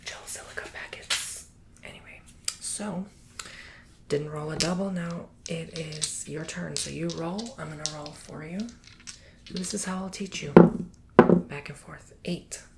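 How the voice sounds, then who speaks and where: A man whispers his way through a sassy ASMR tutorial, teasing and playful with the listener. His voice is gravelly and close. A steady hiss and small clicks sit under the recording. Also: fairly high pitch, a little slow. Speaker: ASMR creator.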